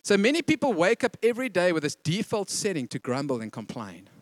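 Animated man preaching. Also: high-pitched, no room sound. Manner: animated, conversational preaching with quick voiced asides. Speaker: pastor. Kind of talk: sermon.

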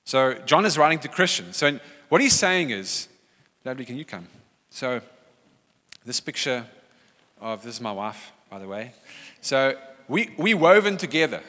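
A man's voice: medium pitch, big pitch swings, normal speed, bright, forceful tone. A man, a pastor, preaching a sermon in a church hall and acting out quoted voices with animation.

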